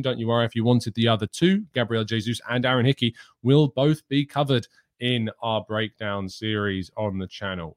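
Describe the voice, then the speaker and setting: Guy hosting a live q&a, reads out chat questions, gets ranty and opinionated, keeps restarting sentences. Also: medium pitch. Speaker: host.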